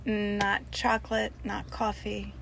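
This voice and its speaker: Gravelly-voiced woman with dry quips. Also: medium pitch, monotone, a little slow, a bit bright, slight background noise. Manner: dry, short replies. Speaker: beer vlog co-host. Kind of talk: casual beer tasting chat.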